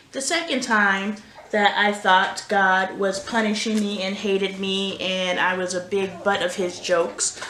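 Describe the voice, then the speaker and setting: A woman's voice: medium pitch, fairly bright tone. A woman vlogger and mother telling candid stories in casual chat while doing laundry at home. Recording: roomy home echo, faint noise.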